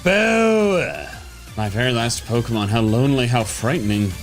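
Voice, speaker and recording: A woman streamer commentating her gameplay casually, dropping to low mutters and jumping to high excited yelps. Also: fast, over loud music. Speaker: game streamer.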